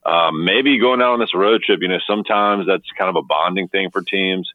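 A man talking through sports analysis in a loose, rapid way with lots of fillers. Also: low voice, no room sound. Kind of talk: casual sports analysis chat. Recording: tinny phone line.

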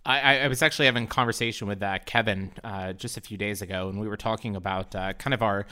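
Easygoing male podcast host with a lowish voice and lots of fillers. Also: steady tone, fast talker, sharp tone, clean tone. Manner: conversational with many fillers. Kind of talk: casual podcast interviewing.

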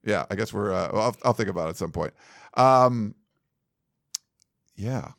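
A man's voice: on the low side, normal speed, creaky, no echo, studio quality. A man hosting a casual sports podcast, rambling with lots of likes and ums. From United States. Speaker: podcast host.

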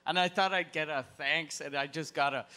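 A man's voice: on the high side, fairly even intonation, fairly quick, very noisy. A man, a comedian co-hosting, chatting casually and joking, laughing easily. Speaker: comedian, podcast co-host. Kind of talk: casual chat.

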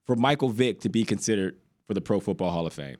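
A man's voice: on the low side, expressive, quick pace, darkish tone, dry recording, studio quality. An American man hosting a casual sports podcast, teasing his guests and laughing often. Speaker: podcast host. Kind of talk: casual chat.

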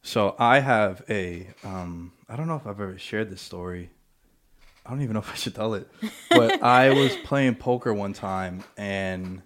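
A man's voice: fairly low pitch, fairly bright tone. A man co-hosting a casual chat, telling stories in a laid-back, drawling way. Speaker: podcast co-host.

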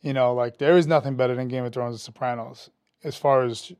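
A man, a metal musician guest telling an animated, profane story in a casual interview, raising his voice when quoting people. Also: medium pitch, a little fast, clear, resonant tone, dry recording, clean studio sound. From New York. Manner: animated, profane, acts out quotes with a rising voice.

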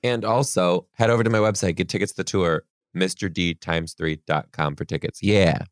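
A man's voice: deep voice, steady tone, moderate pace, dry recording, studio quality. A male podcast host chatting casually, reacting to stories and signing off with upbeat plugs. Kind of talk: casual chat.

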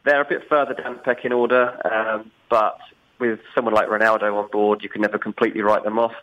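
A man with a British accent, a football insider guest explaining the game in a measured way. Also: fairly low pitch, little pitch movement, highs cut off. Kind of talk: sports analysis chat.

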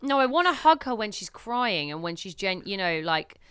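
A woman's voice: mid-range voice, sing-song, moderate pace, a bit bright, clean tone, no echo, studio quality. A woman in her thirties co-hosting a podcast, chatting candidly and expressively about parenting with wry humor. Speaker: podcast co-host. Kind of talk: casual chat.

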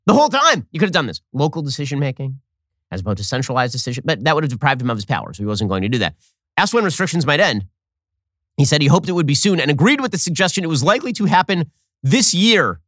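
A man hosting a political commentary show, delivering a fast, sarcastic, exasperated monologue. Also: a little high, expressive, a bit bright, no echo, clean studio sound.

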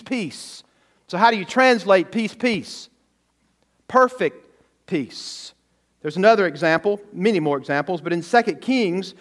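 A man preaching a sermon, emphatic, asking the congregation rhetorical questions and stressing words by repeating them. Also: sits high. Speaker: pastor.

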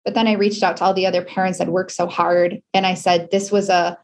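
A woman's voice: on the low side, little pitch movement, a little fast, darkish tone, a little hiss or hum. A middle-aged woman from Wisconsin, a guest in an interview, telling a personal story earnestly and with feeling.

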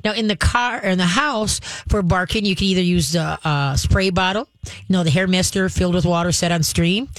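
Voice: medium pitch, normal speed, no echo, low-quality recording. A radio host and dog trainer from Minnesota giving call-in advice in a chatty way, full of fillers and restarts. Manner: lively, acts out owner and dog voices.

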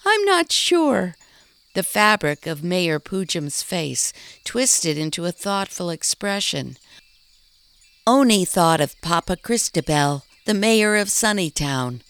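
Slow low-voiced woman storyteller. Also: clean tone, no echo. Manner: calm, even storytelling. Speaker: narrator. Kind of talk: storybook narration.

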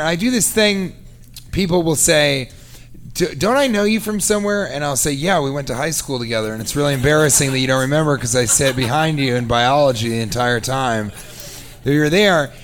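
A man telling a comic story, sarcastic and animated, acting out both sides of a conversation. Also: mid-range voice, brisk. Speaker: comedian. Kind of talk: comedic storytelling.

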